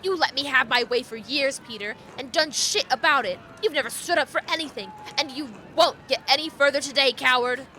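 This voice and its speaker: A woman's voice: sits high, fairly quick, few pauses, bright, forceful tone, a little hiss or hum. A woman voicing a desperate middle-aged male miller who pleads and sneers. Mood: sneering.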